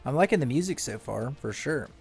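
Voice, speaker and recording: A man with a mid-range, gravelly voice talks through a game as he plays, loose and rambling. He stumbles, corrects himself and drops the odd curse. Soft game music plays underneath. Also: mid-range voice, lively intonation, fairly quick. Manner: rambling, self-correcting, swears casually. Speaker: streamer. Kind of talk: casual gameplay commentary.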